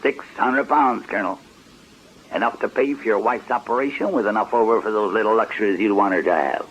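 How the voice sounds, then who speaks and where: An actor playing a shrewd male detective sergeant in a radio drama, speaking smoothly and unhurriedly with polite mockery. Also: on the low side, a little fast, slight background noise, close to an everyday voice. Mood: coaxing. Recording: dull lo-fi archive radio recording.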